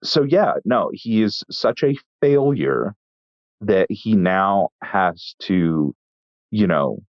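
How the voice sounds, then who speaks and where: A man from Texas, a chef telling stories in a casual interview with wry, deadpan humor and frequent restarts. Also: lowish voice, slow, no echo, highs cut off. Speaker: chef and guest.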